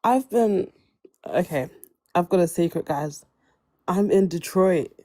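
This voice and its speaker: A woman's voice: lowish voice, takes it slowly, mellow. A woman from Australia chatting on a live stream, giggly and self-conscious. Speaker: live panelist. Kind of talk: casual live chat.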